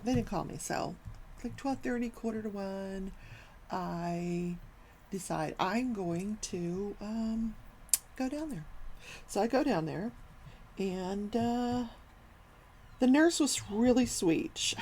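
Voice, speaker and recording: An older woman hosting a casual talk show, telling a long workplace story and acting out the people in it with lively, animated quoting. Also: medium pitch, slow, long pauses, slight background noise, low-quality recording. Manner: animated, acts out quoted people.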